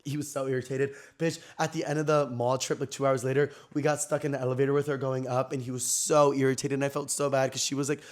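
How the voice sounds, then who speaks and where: A young man hosting his own podcast, telling gossipy stories in an animated, slangy, casual way. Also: medium pitch, quick pace, hardly any pauses. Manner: animated, chatty, heavy slang and "like" fillers. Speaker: podcast host.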